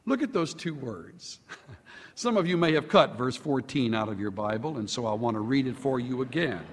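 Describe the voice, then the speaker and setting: A man preaching a sermon to a congregation, animated, stretching out key words for emphasis. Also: breathy edge, long reverb tail. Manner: animated, sweeping pitch swings with slow drawn-out emphasis. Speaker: pastor.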